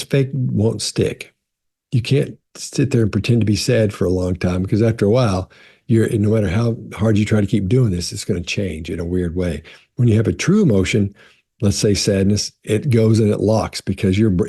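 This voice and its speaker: A man with a low, dark voice and a husky edge talks casually as a body language expert answering questions. He is conversational and loose, repeating words as he restarts his thoughts. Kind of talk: casual explanatory talk.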